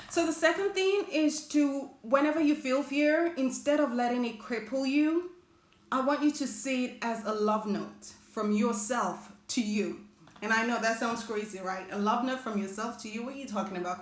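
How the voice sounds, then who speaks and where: A woman hosting a live motivational talk, chatting with her viewers and reading their comments. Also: on the high side. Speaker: host of a live motivational stream. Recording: echoey room.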